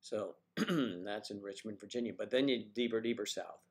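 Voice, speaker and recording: A man's voice: fairly low pitch, moderate pace. A man with a mid-Atlantic American accent hosting a casual livestream chat, rambling and playful as he tries out other accents. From mid-Atlantic United States. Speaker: livestream host.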